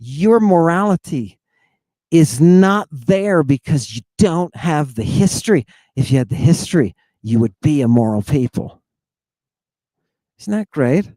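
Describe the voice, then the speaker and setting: A middle-aged man giving a provocative lecture, confrontational and insulting, swinging between loud jabs and low mutters. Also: lively intonation, measured pace, no room sound.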